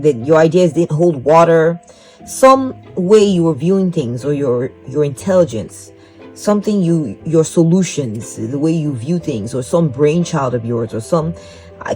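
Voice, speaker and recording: A woman's voice: deep voice, a little mellow, low-quality recording. Rambling woman giving a tarot reading. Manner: rambling, repetitive, encouraging, talks straight to the viewer. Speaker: tarot reader. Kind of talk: psychic tarot reading to camera. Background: faint music.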